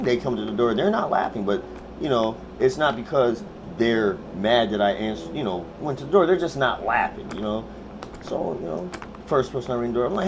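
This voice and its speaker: A man hosting his own show, telling a rambling, profane story in a casual monologue, swinging from mumbles to shouts. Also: medium pitch, expressive, a little fast. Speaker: host. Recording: noisy room ambience.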